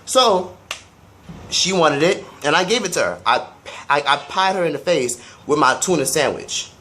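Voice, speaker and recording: Young guy ranting a storytime vlog, swears a lot, kinda high voice, laid back. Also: normal speed, a little hiss or hum. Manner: casual, profane, animated storytelling. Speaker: vlogger.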